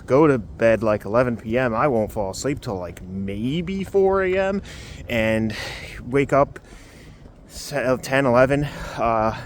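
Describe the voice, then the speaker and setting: A man's voice: mid-range voice, a little hiss or hum. A man giving a casual health update while walking outdoors on a cold day and holding the camera himself, talking in a loose, rambling way with fillers. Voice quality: muffled through a face covering at first. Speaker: vlogger giving a recovery update. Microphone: handheld camera.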